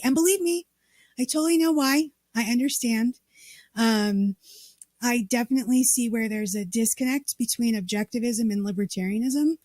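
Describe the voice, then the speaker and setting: A woman's voice: fairly high pitch, a little mellow, no echo. A woman from Colorado, a state party chair, telling her story in a casual interview and acting out the dialogue.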